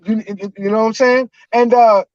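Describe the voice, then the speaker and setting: A man in his forties calling in to a live show, ranting loudly and emotionally with heavy cursing. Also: high voice, steady tone, normal speed, dry recording, lo-fi sound. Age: 40s. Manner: loud, emotional and profane. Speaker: caller. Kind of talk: heated fan rant on a live call-in show.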